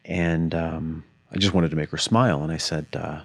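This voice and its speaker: Male podcast co-host, low voice, animated storyteller, dry studio sound. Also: normal speed, husky, dry recording. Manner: animated storyteller, acts out quoted dialogue. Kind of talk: casual conversation.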